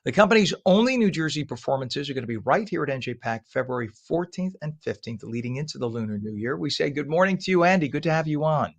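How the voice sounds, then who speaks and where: A man hosting a live morning show, reading traffic and chatting with a guest in a lively, chatty way, with a frog in his throat. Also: on the high side, fast talker, vocal fry, few pauses. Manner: lively, chatty, apologetic asides. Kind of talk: live traffic report and interview.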